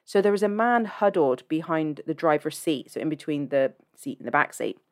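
Blunt, low-voiced woman podcaster. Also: lively intonation, moderate pace, a little mellow. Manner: chatty, blunt, swears freely. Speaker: podcast host. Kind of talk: casual film review podcast.

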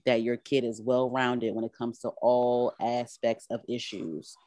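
A woman's voice: very deep voice, level tone, measured pace, warm tone, no room sound. A woman co-hosting a casual chat, talking animatedly with many fillers and restarts.

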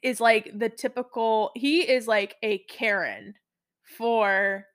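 Slow-paced and a little high, with fairly even intonation and a slightly bright sound, a twenty-something woman talks with a friend. She wanders through her stories, quotes people, and leans heavily on "like."

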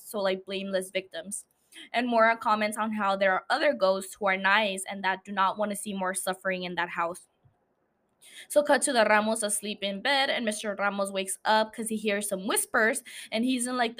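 A woman's voice: medium pitch, fairly bright tone. A woman hosting a casual recap podcast, chatty and loose, swearing, laughing and filling with "like" and "uh". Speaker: podcast host recapping a TV series.

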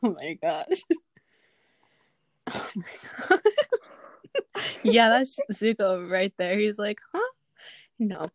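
Giggly podcast cohost lady, voice bounces all over, slow talker. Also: mid-range voice, very animated, no echo. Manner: giggly, laughs often. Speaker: podcast co-host. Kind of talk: casual chat.

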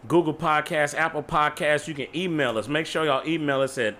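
A man co-hosting a podcast, rambling through hyped shout-outs in loose slang. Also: fairly high pitch, steady tone, a little fast. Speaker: podcast co-host. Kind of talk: casual podcast sign-off.

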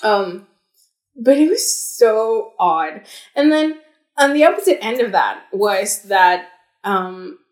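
A woman's voice: mid-range voice, animated, takes it slowly. A young adult woman co-hosting a podcast, telling stories in casual chat with lots of fillers and restarts. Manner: chatty storytelling with fillers and restarts. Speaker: podcast co-host. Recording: echoey room.

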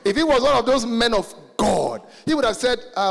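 A man from Nigeria preaching a sermon, animated and joking, shouting some points and stretching words. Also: extremely high pitch, normal speed, gravelly, few pauses, long reverb tail.

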